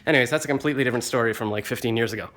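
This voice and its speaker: A man tells a rambling, self-mocking story. He sounds close and a little muffled, from a phone held right at his face at home. His voice is mid-pitched and ordinary, and it rises and gets louder as the story picks up. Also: racing. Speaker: vlogger. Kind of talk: casual storytelling. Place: indoors at home, just back from the gym. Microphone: phone held in hand, close to face.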